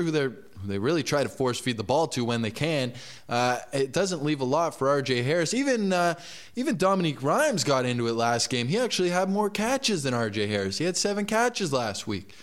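A self-assured man on a sports panel, standing by his bold picks in easygoing chat. His voice sits at an ordinary middle pitch. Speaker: fantasy football analyst co-host.

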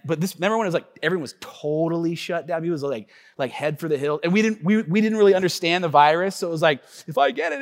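A man in his thirties preaching a sermon, telling a story animatedly and acting out the voices in it. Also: on the high side. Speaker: pastor. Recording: long hall reverb.

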